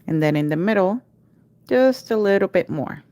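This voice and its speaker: A woman's voice: medium pitch, expressive, moderate pace, mellow, no room sound. A woman teaching a live nail art class, giving patient step-by-step instructions and chanting repeated cue words as she works. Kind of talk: livestream tutorial.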